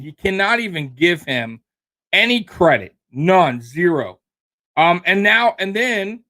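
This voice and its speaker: A man's voice: sits high, pushed and bright. A man hosting a fan sports show, ranting heatedly and with profanity, full of fillers and restarts.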